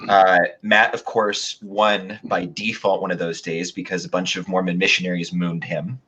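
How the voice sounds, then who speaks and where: A man's voice: sits low, little pitch movement, normal speed, a bit bright, breathy edge, rough recording. A man as a guest in a casual chat, telling stories with many fillers and restarts. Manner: rambling, hesitant with many fillers.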